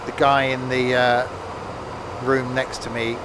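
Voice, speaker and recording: A man's voice: mid-range voice, little pitch movement, unhurried, background noise. A man streaming a train simulator live, chatting and rambling as he counts off the stops. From England. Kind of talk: live game commentary.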